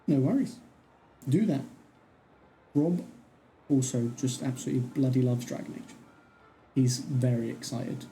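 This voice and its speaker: A chatty livestream host who rambles and thinks out loud while playing. The voice is dark and mellow at a middling pitch, and soft background music runs under it the whole time. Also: unhurried, long pauses, rough recording. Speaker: streamer. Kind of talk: casual livestream chat.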